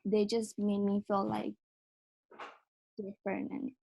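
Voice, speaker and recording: A young woman speaks over a video call in a flat, gravelly voice. She sounds sleepy and half awake. She talks hesitantly, with plenty of "like" and "um". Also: mid-range voice, takes it slowly. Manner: hesitant, many fillers. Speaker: participant. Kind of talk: casual video call chat.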